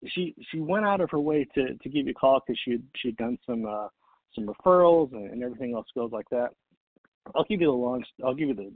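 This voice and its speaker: A middle-aged network marketing speaker from Texas tells a motivational business story in a mid-range voice, acting out both sides of phone calls. The recording is dry, with tinny, phone-like audio.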